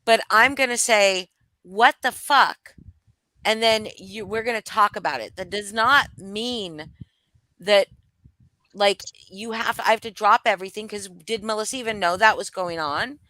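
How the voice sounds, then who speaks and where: A woman's voice: mid-range voice, normal speed, pushed and bright, dry recording. A young adult woman co-hosting a casual gossip livestream, blunt and rambling, swearing freely and restarting her sentences. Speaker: livestream co-host. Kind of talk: casual gossip commentary chat.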